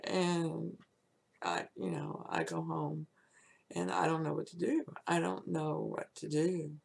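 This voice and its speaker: Slow, gravelly woman in her sixties. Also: sits low. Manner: laughs often while telling a frank, animated story. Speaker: vlog host telling her life story. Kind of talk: casual personal storytelling.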